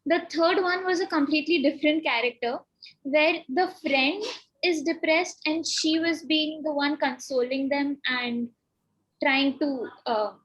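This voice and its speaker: An acting student explains her character choices. Her voice is high and clear. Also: unhurried, a bit bright, muffled recording. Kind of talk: class discussion.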